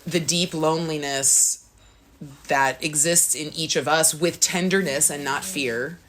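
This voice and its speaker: Low-voiced woman telling a spiritual story. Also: steady tone, measured pace, a bit bright. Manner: earnest storytelling, acts out her own thoughts in a higher voice. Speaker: podcast co-host. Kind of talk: casual spiritual chat.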